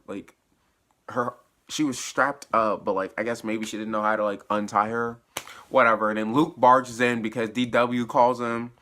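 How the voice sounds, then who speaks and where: A man giving a casual spoiler recap of a TV episode, chatty and slangy, with sudden bursts of excitement as he retells scenes. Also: mid-range voice. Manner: laughs and uses slang while recapping. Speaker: TV episode reviewer.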